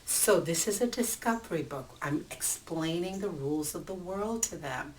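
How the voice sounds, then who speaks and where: A woman author walking teachers through her picture book, explaining in an animated way and checking in with frequent asides. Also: on the low side, normal speed, far from the mic, slight background noise, poor audio. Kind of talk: book talk tutorial for teachers.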